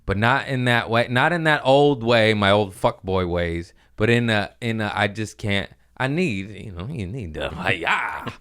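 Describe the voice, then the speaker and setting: A man's voice: lowish voice, animated, unhurried, hardly any pauses, a bit bright, clean tone. A young man hosting his own podcast, rambling in crude, self-mocking casual chat. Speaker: podcast host.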